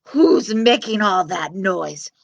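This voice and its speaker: A hulking, horrible giant from a children's storybook, put on by a woman reading aloud. He roars his threats slowly and loudly, dragging out every word. The voice swings widely up and down, recorded close and dry. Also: mid-range voice, expressive, creaky, dry recording, highs cut off. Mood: angry roaring. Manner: loud, slow, drawn-out roaring. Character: huge horrible male giant, angry and threatening.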